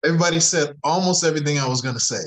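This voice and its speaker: A man in a team meeting, sharing his reflections in a thoughtful, measured, slightly halting way. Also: on the high side, a bit bright, low-quality recording. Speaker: team member. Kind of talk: casual group discussion.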